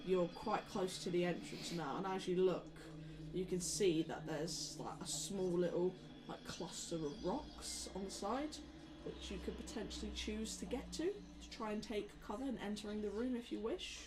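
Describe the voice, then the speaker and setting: A woman narrating a tabletop role-playing game as game master, describing scenes in a relaxed way with plenty of fillers. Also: medium pitch, normal speed, poor audio.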